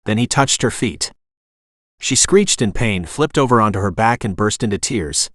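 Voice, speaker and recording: A synthetic male text-to-speech voice doing scripted audiobook narration, with an expressive reading. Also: fairly low pitch, moderate pace, no room sound, clean studio sound.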